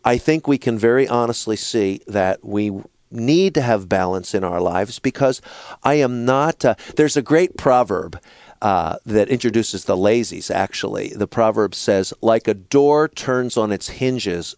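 Man, middle-aged, animated storytelling, dry recording. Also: a little slow, no echo. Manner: animated storyteller, mimics a toddler in a high squeaky voice. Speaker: guest. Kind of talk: conversational storytelling.

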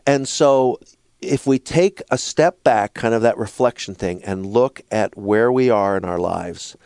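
A middle-aged man telling stories in a relaxed conversation as a guest, sometimes slipping into a squeaky toddler voice. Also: unhurried, clean tone, no echo, clean studio sound. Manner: animated storyteller, mimics a toddler in a high squeaky voice. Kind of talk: conversational storytelling.

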